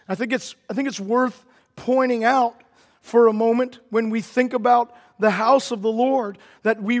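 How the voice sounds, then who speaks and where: A man delivers a sermon in a noticeably high voice. He speaks earnestly, doubles back on his words, and presses toward emphatic statements. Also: big-room sound. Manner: earnest, repeats words, builds to emphatic declarations. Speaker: preacher.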